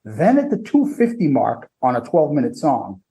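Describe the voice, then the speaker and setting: A man co-hosting a podcast chats casually about a live album, his warm, medium-pitched voice swooping wildly at a normal speed. He reads from notes with timestamps, mimics the stage banter, and makes blunt, profane remarks in this laid-back music review.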